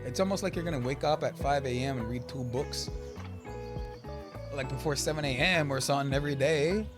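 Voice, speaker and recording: A man's voice: medium pitch, fairly quick. A young man casually commentating a game on stream, chatty and rambling, with game music behind.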